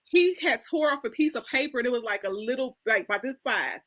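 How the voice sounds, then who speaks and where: High bright-voiced woman telling animated stories. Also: fairly quick. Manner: animated storyteller acting out dialogue, laughing often. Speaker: panel host. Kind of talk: casual storytelling chat.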